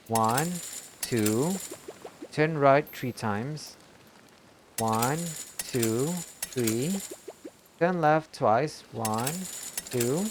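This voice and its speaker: A woman's voice: extremely low pitch, big pitch swings, drawn-out words, background noise. A woman streaming a video game, chatting playfully and reading the in-game dialogue aloud. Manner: playful, mock-outraged, reads in-game lines aloud.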